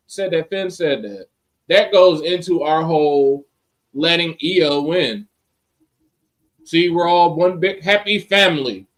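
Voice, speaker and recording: Animated high-voiced man chatting wrestling. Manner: animated, slangy, acts out quotes. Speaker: podcast co-host. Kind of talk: casual wrestling chat.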